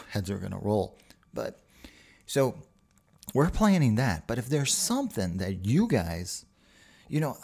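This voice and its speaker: A man's voice: fairly low pitch, vocal fry, darkish tone. A man hosting a solo podcast, talking casually and rambling with profane asides. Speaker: podcast host.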